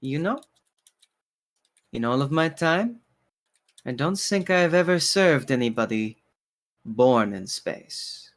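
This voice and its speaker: A man voicing a humble, wise male bartender who talks slowly and hums between thoughts. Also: medium pitch, lively intonation. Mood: courteous. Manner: slow, pausing with soft hums.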